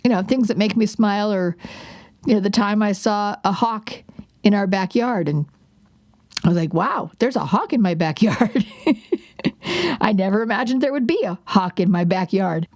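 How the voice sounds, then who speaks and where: Chatty mellow-voiced woman podcast host. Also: mid-range voice, normal speed, long pauses, dry recording, studio quality. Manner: chatty, self-deprecating, frequent restarts. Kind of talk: casual parenting podcast talk.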